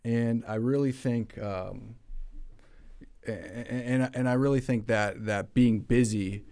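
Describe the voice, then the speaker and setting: A man's voice: mid-range voice, fairly even intonation, takes it slowly, warm tone. A man hosting a casual business chat, speaking earnestly, with frequent restarts. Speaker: host.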